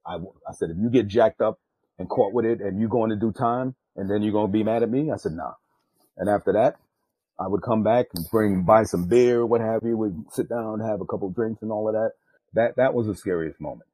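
An older man, a retired drug agent, telling a tense undercover story in an interview, profane and animated. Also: a little fast, husky, no room sound. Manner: animated, jumps loud and high acting out quotes; profane, street-style speech.

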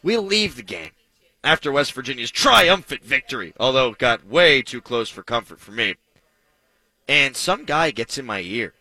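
A man's voice: mid-range voice, sing-song, moderate pace, pushed and bright, no room sound, poor audio. A man hosting a sports talk radio show, talking in an emphatic, punchy way with self-mocking asides, on a studio microphone.

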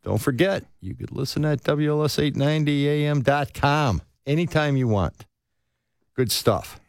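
A man's voice: a little high, normal speed, vocal fry, dry recording. A middle-aged man co-hosting a police talk radio show, joking and riffing in casual banter from a studio microphone. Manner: wisecracking, animated, playful asides.

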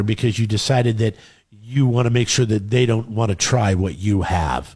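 A man's voice: on the low side, a little slow, darkish tone. Teasing man full of probing questions. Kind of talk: casual banter.

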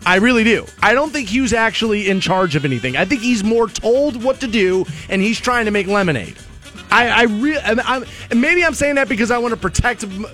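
A man's voice: high voice, pushed and bright. A man hosting a sports talk show, making opinionated arguments and repeating his points for emphasis. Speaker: radio sports show host.

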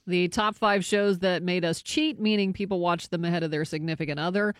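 A man's voice: high-pitched, steady tone, a little fast, a bit bright, clear, resonant tone, no echo, studio quality. A man in a casual chat, reading out a list in a matter-of-fact way.

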